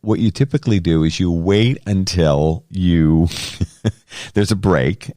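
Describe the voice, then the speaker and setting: A man's voice: low voice, slow pace, warm tone, no room sound, clean studio sound. A middle-aged man co-hosting a podcast, talking in a casual, earnest and rambling way with frequent restarts. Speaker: podcast co-host. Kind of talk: casual conversation.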